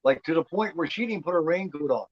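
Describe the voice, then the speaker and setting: Fast and expressive, this slightly high-voiced man in his fifties hosts a casual movie commentary, rambling and repeating himself with lots of "you know what I mean." The recording is dull and lo-fi, with no echo.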